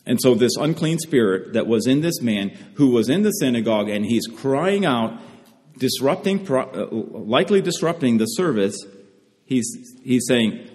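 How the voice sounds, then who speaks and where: A man's voice: medium pitch, lively intonation, normal speed, darkish tone. A man preaching a sermon in an earnest way, often repeating phrases for emphasis. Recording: long hall reverb.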